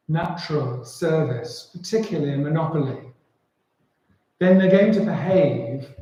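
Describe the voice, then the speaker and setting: Guy telling a story at a panel, slow and mellow, lots of uh's, big echoey room. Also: a little high. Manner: unhurried, with filler "uh"s and restarts. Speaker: panel speaker. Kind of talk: storytelling talk at a public panel.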